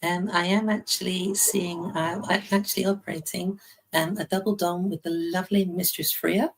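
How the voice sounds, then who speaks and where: A woman guest with a lowish voice and plenty of vocal fry. She speaks in a measured way and gushes about others in a casual interview chat. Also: fairly even intonation, low-quality recording.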